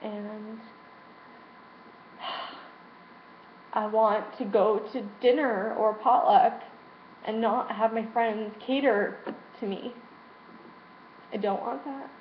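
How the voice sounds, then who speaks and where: In a personal vlog, a young woman draws out her words and leaves long pauses, her slightly high voice holding a fairly even tone. Emotional and swearing freely, she speaks frankly about her frustrations, captured with roomy, dull lo-fi sound and a faint hiss.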